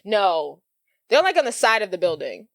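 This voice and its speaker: A woman on a podcast, recapping a film in a casual, animated way and acting out the characters as she goes. Her voice sits at an ordinary pitch for a woman and sounds dry and close to the mic. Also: normal speed, no room sound. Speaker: podcast co-host. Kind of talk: casual movie recap chat.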